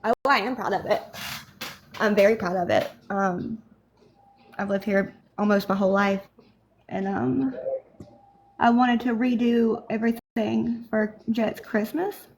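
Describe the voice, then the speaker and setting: A woman's voice: mid-range voice, steady tone, unhurried, pauses often, a little hiss or hum. A woman, proudly showing off her home in casual chat.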